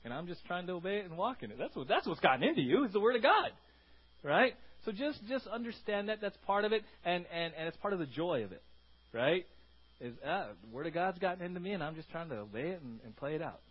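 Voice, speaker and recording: Animated high-voiced man preaching a sermon. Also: fast, breathy edge, dull audio. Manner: animated, conversational, repeats words and asks the congregation "right?". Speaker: pastor.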